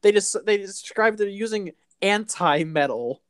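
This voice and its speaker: A man hosting a casual comic book recap, rambling along with halting restarts and fillers. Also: high voice, lively intonation, a bit bright, clean tone, dry recording, clean studio sound. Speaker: host.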